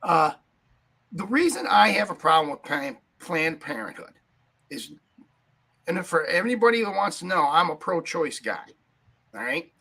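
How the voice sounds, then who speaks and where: Angry, gravelly high-voiced man. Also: lively intonation, measured pace, pauses often, sharp tone, rough recording. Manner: angry, profane, keeps asking "right?". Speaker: podcast host. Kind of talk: heated political talk.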